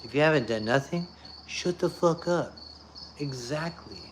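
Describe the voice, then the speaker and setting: A YouTuber speaks directly to his viewers in an off-the-cuff monologue, ranting bluntly and profanely and repeating himself for emphasis. His voice is slightly high and a little slow, with lively intonation, and the recording has a bit of hiss or hum.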